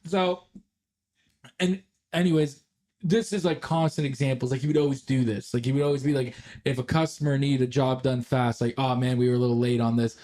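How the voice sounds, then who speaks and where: A man's voice: medium pitch, fairly even intonation, a little fast, warm tone. Rambling, laughing young man. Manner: rambling, swears a lot, laughs often. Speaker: podcast co-host. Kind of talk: casual chat storytelling.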